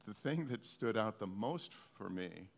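A man's voice: lowish voice, expressive, unhurried, vocal fry. Earnest male preacher in reverberant hall. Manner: earnest, heartfelt storytelling. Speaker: pastor. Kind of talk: sermon.

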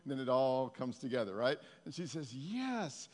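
A man telling a lively testimony story to a congregation, laughing often. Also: mid-range voice, a little fast, in a large hall.

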